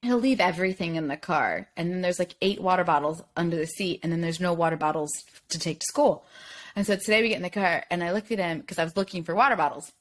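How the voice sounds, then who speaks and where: A woman in her thirties, a guest in a casual podcast chat, candid and quick to laugh, swearing casually as she acts out her own past words. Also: on the low side.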